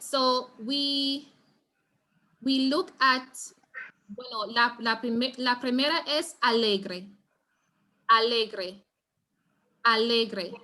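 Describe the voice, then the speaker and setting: A Jamaican woman leads a Spanish revision class online. Her voice is bright and sits somewhat high, and she is patient, often pausing to ask students whether they follow. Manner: patient, repeats key points and checks in with students. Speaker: Spanish teacher.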